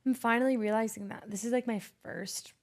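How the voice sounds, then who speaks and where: A woman guesting on a podcast, chatting warmly with lots of fillers and easy laughter. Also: fairly high pitch, fairly even intonation, fairly quick. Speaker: podcast guest, artist and educator. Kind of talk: casual heartfelt conversation.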